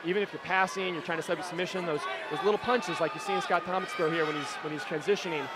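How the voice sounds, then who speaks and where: Fast-talking male fight commentator. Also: a little high, fairly even intonation, very noisy. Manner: chatty, joking, explains technique. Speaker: color commentator. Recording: loud crowd and music around.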